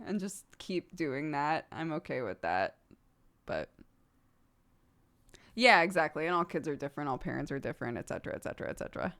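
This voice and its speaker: A woman streamer in her thirties talks casually with her chat. Her pitch swoops up and down a lot, and she rambles along and laughs often. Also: animated, normal speed, a bit bright. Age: 30s.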